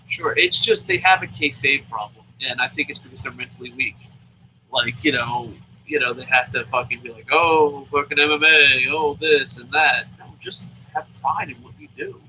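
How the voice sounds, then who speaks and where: A man reviewing a wrestling show in a casual, profane, opinionated rant, mocking others with quick impressions. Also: mid-range voice, pushed and bright, slight background noise, low-quality recording.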